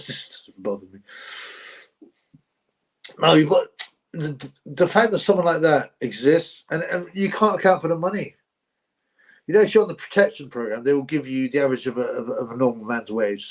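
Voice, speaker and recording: A man's voice: medium pitch, darkish tone. A man hosting a casual livestream, reading out viewer comments in a chatty, rambling way and laughing often. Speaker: livestream host.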